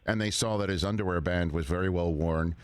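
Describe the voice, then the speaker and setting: Deep-voiced male sports talk host. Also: crowd noise. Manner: playful, teasing questions with drawn-out setups.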